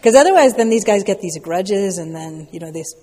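Reflective woman meditation teacher, casual and unhurried in her phrasing, warm dark tone, recorded with long hall echo. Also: medium pitch, expressive. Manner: reflective, loose, peppered with "you know" and "like". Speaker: dharma teacher answering questions. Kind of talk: casual dharma talk Q&A.

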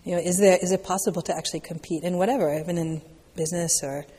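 A woman's voice: fairly low pitch, fairly even intonation, fast talker, mellow, slightly rough, in a large hall. A woman giving a casual, reflective dharma talk as a teacher answering questions, with a loose way of speaking full of filler words. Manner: reflective, loose, peppered with "you know" and "like".

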